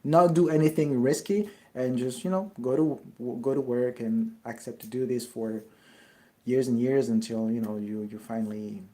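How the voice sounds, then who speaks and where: Halting man answering followers, mellow voice. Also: mid-range voice, fairly even intonation. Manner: searches for English words, halting. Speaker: content creator answering follower questions. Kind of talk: casual Q&A chat.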